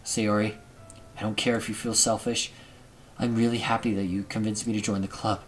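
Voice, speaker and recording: A man's voice: fairly low pitch, flat delivery, normal speed, faint music behind, natural voice. An earnest teenage boy from a visual novel pleads with a close friend, as a man reads his part aloud. His delivery is sincere and caring. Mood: earnest, pleading. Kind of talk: reading game dialogue aloud.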